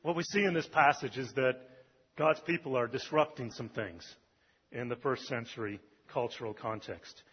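A man's voice: mid-range voice, normal speed, husky. A male pastor giving a sermon in a conversational way, with "um" and "uh" between thoughts. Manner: conversational preaching with fillers. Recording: dull, lo-fi recording with long hall reverb.

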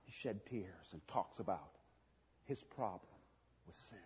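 A man preaching a sermon in a church, swinging between shouting and hushed asides and laughing at his own lines. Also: sits low, animated, measured pace, husky. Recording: long hall reverb, dull lo-fi sound.

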